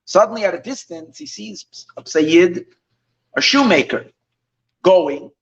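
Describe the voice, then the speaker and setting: Male rabbi, fairly high voice, lively halting storyteller; recorded off-mic, muffled. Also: vocal fry. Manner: animated, halting storyteller with many restarts. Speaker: rabbi teaching a class. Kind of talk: storytelling lesson. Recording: distant mic, dull lo-fi sound.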